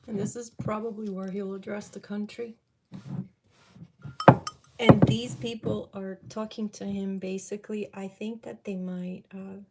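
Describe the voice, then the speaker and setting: A woman doing a live-streamed psychic reading, talking in a halting, emotional way as she thinks aloud. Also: mid-range voice, very noisy. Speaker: psychic reader.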